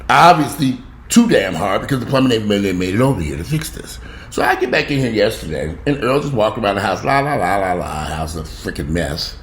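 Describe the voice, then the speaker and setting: Man, heated profane home rant, very animated pitch, echoey room with faint background hum. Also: brisk. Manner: heated, swearing, pitch jumping up when outraged. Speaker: vlogger.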